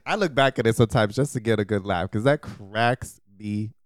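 A man co-hosting a podcast, telling a story with animated energy and laughing often. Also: lowish voice, a little fast, no echo, clean studio sound. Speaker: podcast co-host. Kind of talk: casual chat.

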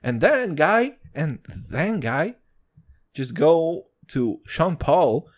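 A young man hosting a podcast in a casual, excitable chat, swearing freely and calling everyone "dude". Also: a little high, very slow. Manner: excitable, profane, says "dude" constantly. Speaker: podcast host.

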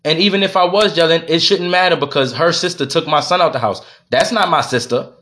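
A podcast host vents in a heated, profane monologue, repeating himself as he goes. His higher voice is bright and forceful, and he speaks fairly quickly.

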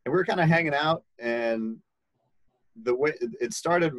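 A young man casually telling a story, lively and laughing, acting out quoted voices. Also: fairly high pitch, normal speed, no room sound, poor audio.

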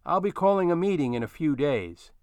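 A man's voice: fairly high pitch, expressive, fairly quick, a little mellow, no echo, clean studio sound, pitched above the performer's own voice. A man voicing a courteous, slightly curt older man who acts as unofficial mayor of his street.

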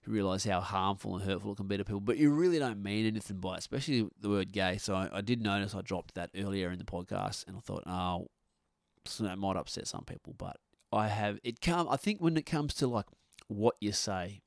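Gravelly, low-voiced podcast man. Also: fairly quick, no echo, clean studio sound. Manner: blunt and sweary, rambling with restarts. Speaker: podcast host. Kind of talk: casual podcast rant. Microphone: podcast microphone.

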